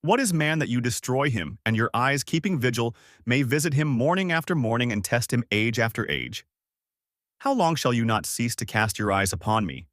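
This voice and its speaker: A suffering man pours out his lament, solemn and measured, as a male reader voices him. The voice sits at an ordinary middle pitch. It is recorded dry and close, with no room sound. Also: sing-song, fairly bright tone, dry recording.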